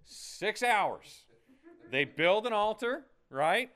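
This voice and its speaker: A man's voice: high voice, big pitch swings, very slow, fairly bright tone. A man preaching a sermon in a playful, conversational way, often checking in with "okay?". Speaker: pastor.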